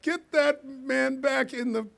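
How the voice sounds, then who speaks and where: A man's voice: very high-pitched, steady tone, slow, gravelly, fairly bright tone, pitched above the performer's own voice, heavily acted. A man voicing a firm, no-nonsense man breaking up a fight, giving curt commands. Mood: commanding.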